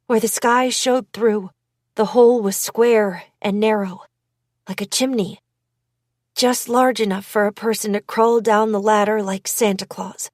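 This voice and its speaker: A woman reading first-person audiobook narration in a measured, deliberate manner. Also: mid-range voice, a little mellow, no echo, studio quality.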